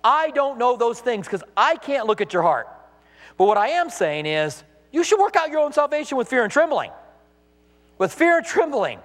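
A male pastor preaching with a high, lively voice that swings up and down as he acts out the people he quotes. His sermon rings through a big hall with long reverb. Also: normal speed.

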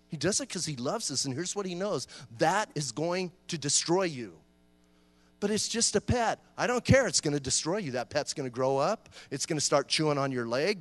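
A middle-aged man preaching a sermon in a lively, conversational way, joking and acting out voices. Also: a little high, no room sound, in a large hall. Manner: animated, conversational preaching with jokes and acted-out voices. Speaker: pastor.

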